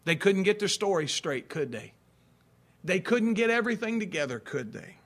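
A man's voice: sits high, big pitch swings, normal speed. A man in his forties, a pastor, preaching a folksy, conversational sermon full of rhetorical questions. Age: 40s.

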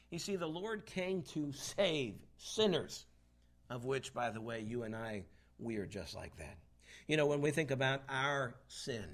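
A man preaching a sermon, moving between quiet, drawn-out phrases and loud, emphatic lines. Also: a little high. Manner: dynamic preaching, swings between hushed and emphatic. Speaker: pastor.

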